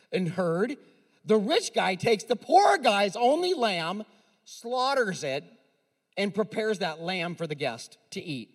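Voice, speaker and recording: A man preaching a sermon as a pastor. He retells a story conversationally, with direct asides to the audience, and swings between hushed and loud emphatic delivery. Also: high-pitched, long reverb tail.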